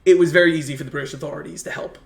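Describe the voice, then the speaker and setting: A man's voice: on the high side, steady tone, racing, fairly bright tone. A man from the United States telling rambling, earnest travel stories in a casual chat. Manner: earnest, rambling anecdotes with many restarts. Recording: echoey room.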